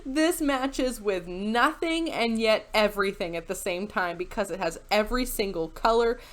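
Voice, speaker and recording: A woman's voice: mid-range voice, expressive, moderate pace. A woman giving casual reaction commentary as a video host, sarcastic and incredulous, breaking into laughter often. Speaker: YouTube commentator.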